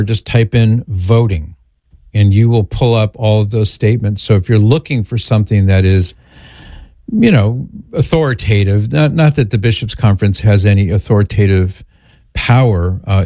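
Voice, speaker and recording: A male radio host with a lowish, mellow voice who talks in an easy, relaxed way. He jokes with callers and lays out his answers at length. The sound is dry and close, from a studio mic. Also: no echo. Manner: relaxed, joking, explains at length. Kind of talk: call-in radio talk.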